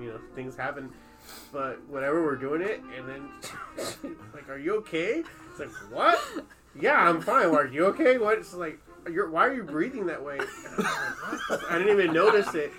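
A man hosting a casual podcast chat, telling crude stories with lots of laughter. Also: medium pitch. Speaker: podcast host.

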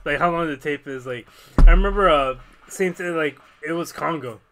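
A man co-hosting a podcast in casual chat, relaxed, chiming in with short reactions. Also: on the high side, moderate pace, a crowd in the background.

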